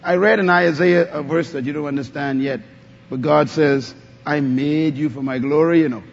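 Husky high-voiced male preacher. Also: steady tone, moderate pace. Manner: call-and-response preaching, asks the congregation to answer. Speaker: pastor. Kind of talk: sermon. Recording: dull lo-fi sound.

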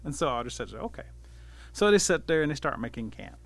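Male folk-tale teller, relaxed, bright tone. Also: no echo. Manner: relaxed, unhurried telling with lively pitch. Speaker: storyteller. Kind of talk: oral folk-tale narration.

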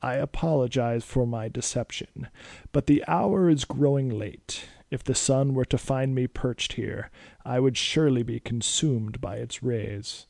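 A man voicing Dracula, a weary, formal old vampire nobleman who speaks slowly and courteously. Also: mid-range voice, vocal fry, a little mellow, no echo, studio quality. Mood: courtly. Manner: slow, formal, courtly speech.

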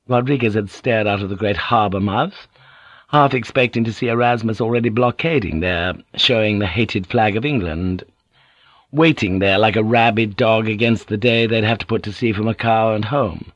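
A man's voice: on the low side, normal speed, no echo. Male audiobook narrator, dry close sound. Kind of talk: scripted narration.

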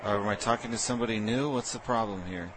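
A low-voiced man runs a crude prank call in a brash, deadpan manner. He sounds forward and unbothered, and clear noise hums behind him. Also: quick pace. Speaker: prank caller and show host.

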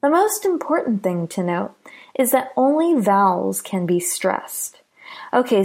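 A woman with an American accent teaching English pronunciation, speaking slowly and clearly and repeating example words for learners. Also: mid-range voice, darkish tone.

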